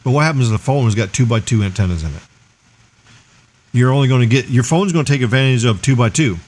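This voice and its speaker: A man's voice: medium pitch, expressive, fast, a little mellow. A man hosting a casual tech livestream, explaining energetically and firing off rhetorical questions. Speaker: livestream host.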